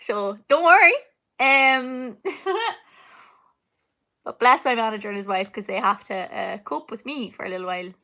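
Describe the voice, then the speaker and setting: A woman's voice: fairly high pitch, lively intonation, measured pace, pauses often, sharp tone. A young woman, chatting casually at home while answering comments on a live stream, rambling with lots of fillers and laughs. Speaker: singer hosting a live Q&A. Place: home, indoors.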